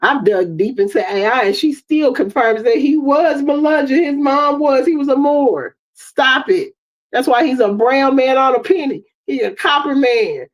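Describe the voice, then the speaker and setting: Animated woman telling stories on a livestream. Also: high voice, normal speed. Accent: African American English. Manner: animated storytelling, acts out dialogue. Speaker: livestream host. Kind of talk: casual livestream monologue. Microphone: streaming setup mic.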